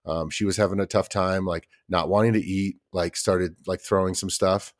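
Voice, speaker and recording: A man in his thirties with a somewhat low voice, talking loosely on a parenting podcast. He rambles through his stories with plenty of fillers and drops the occasional curse. The tone stays easygoing and conversational throughout. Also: steady tone, normal speed. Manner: swears casually. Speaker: podcast co-host. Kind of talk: casual chat.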